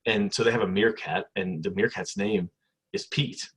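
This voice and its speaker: Male podcast host, deep, slightly raspy voice, loose and rambling conversational delivery. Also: normal speed, a bit bright. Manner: rambling, reassuring, laughs while telling stories. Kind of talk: casual podcast chat.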